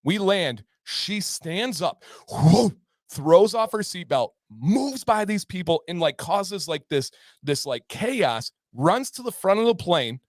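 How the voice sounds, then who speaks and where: A lively man telling a long story on a livestream, his voice swinging up and down as he acts out everyone in it. His voice sits a touch higher than most men's, and the sound is close and dry. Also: slow, no echo. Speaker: podcast co-host. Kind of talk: casual storytelling.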